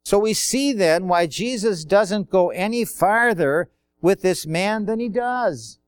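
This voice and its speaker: A man with a high, smooth voice preaches a sermon. He keeps it conversational, asking rhetorical questions and acting out the quotes he tells. The sound is dry and close. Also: animated, takes it slowly, no room sound.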